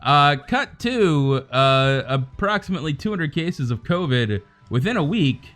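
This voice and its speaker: Rambling, cursing male streamer, slightly high. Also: sing-song, a little slow, a bit bright, soft background music. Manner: rambling, swears freely, ranting and joking. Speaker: livestreamer. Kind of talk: casual livestream chat.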